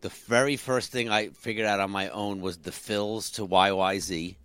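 A man's voice: fairly low pitch, normal speed, slight background noise. A middle-aged man, a drummer and podcast co-host, chatting casually and animatedly about the music he learned. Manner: animated, hums drum fills. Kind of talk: casual chat.

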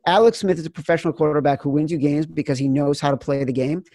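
Fired-up, swearing sports betting host. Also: male voice, fairly high pitch, fast talker, dark tone, no room sound. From Chicago suburbs, US. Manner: fired up, profane, rambling. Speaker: podcast host. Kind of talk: casual sports betting chat.

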